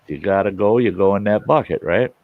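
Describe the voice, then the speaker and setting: A man's voice: on the low side, a little fast, narrow, tinny audio, slight background noise. A man hosting a show, telling a folksy campfire story in casual talk and chuckling through it. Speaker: storyteller host.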